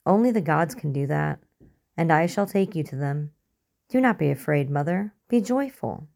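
Woman reads a calm male cult preacher, low and mellow, quietly menacing. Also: normal speed, creaky. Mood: serene. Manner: soft-spoken, unsettlingly calm.

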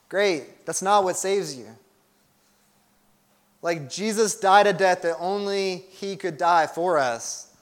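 A young adult man preaching a sermon as pastor, earnest and emphatic, with conversational asides. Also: high-pitched.

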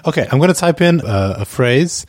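A man's voice: on the high side, expressive, fairly quick, darkish tone, dry recording, clean studio sound. Chatty man hosting a podcast. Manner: chatty, laughs often, trails off. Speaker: podcast host. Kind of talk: casual chat. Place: Amsterdam, on a remote call.

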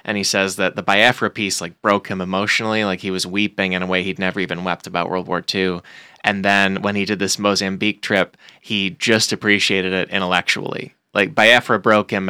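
A man's voice: low-pitched, little pitch movement, moderate pace, bright, forceful tone, clean tone, no echo. A man co-hosting a podcast in casual chat about a book, eager and agreeable, into a studio microphone. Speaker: podcast co-host.

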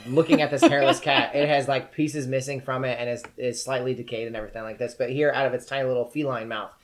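A man's voice: medium pitch, quick pace, over a noisy crowd. Jokey male game master. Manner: lively and jokey. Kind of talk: narrating a tabletop game.

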